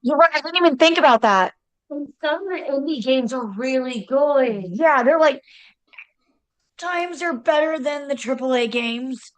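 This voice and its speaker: A woman's voice: high voice, a little slow, poor audio. A woman co-hosting a podcast in casual chat, mostly chiming in with short agreeing comments. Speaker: podcast co-host.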